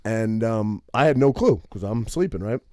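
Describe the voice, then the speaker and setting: A man's voice: on the low side, moderate pace, no room sound. Profane storytelling man, dry close mic. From Maine. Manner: profane, animated storytelling with many "right?" tags. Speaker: podcast co-host. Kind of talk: casual storytelling.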